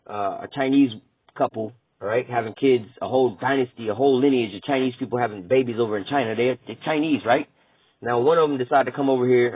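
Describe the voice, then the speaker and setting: A man's voice: medium pitch, slightly rough, no echo. Profane, rambling man preaching over a tinny line. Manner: blunt, profane, rambling, asks "all right?" often. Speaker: preacher teaching scripture. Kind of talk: casual street-style Bible teaching. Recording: tinny phone-like recording.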